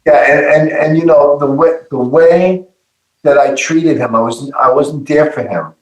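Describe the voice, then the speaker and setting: A middle-aged man telling a personal testimony in an earnest, halting way, often repeating his words. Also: a little high, steady tone, reverberant, low-quality recording. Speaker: guest giving testimony.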